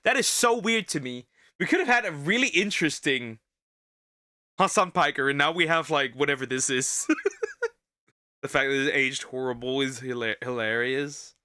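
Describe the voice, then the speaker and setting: A medium-pitched man speaking at a moderate pace, with no echo, hosts a video reaction as a VTuber. His talk is casual, sarcastic, and lively, and he often trips over his words and says things twice.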